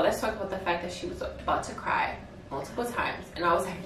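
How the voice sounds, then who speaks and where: A woman co-hosting a vlog, recalling events in an excited, gushing way. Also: mid-range voice, fast talker. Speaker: vlog co-host. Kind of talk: casual chat. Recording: echoey room, distant mic, clear noise.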